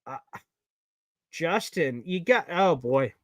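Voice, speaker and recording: A man's voice: on the high side, expressive, slow pace, dry recording. A man hosting a live watch party stream, calling play-by-play and getting exasperated at bad plays.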